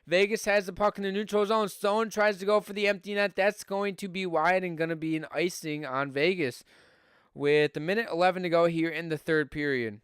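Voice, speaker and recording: A man's voice: sits high, steady tone, a little fast, fairly bright tone, clean tone, dry recording, clean studio sound. A young man from Buffalo with a Western New York accent, a podcast host doing casual live hockey play-by-play on a stream, chatty with fillers and rising on scoring chances.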